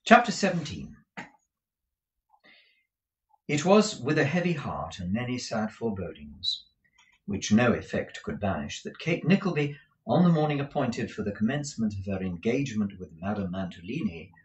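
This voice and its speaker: A low-pitched man reads aloud with a lively, varied lilt, measured and expressive. His voice rings in a roomy echo. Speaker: narrator. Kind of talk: audiobook reading with commentary.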